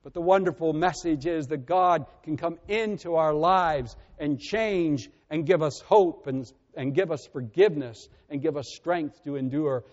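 A man preaching a sermon as pastor, earnest and measured, often letting his voice sink softly at the ends of phrases. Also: fairly high pitch. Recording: muffled with long reverb.

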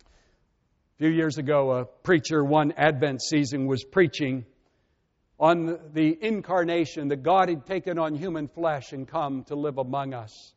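A man preaching a sermon as pastor, earnest and measured, often letting his voice sink softly at the ends of phrases. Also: fairly high pitch. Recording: muffled with long reverb.

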